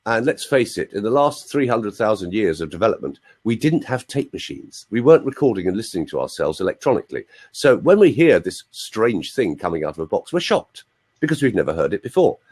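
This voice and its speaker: Husky guy coaching voices on a call, pitch all over the place, cracks jokes. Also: very animated, brisk, a little mellow. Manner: explanatory, demonstrates sounds, jokey asides. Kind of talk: teaching on a group call.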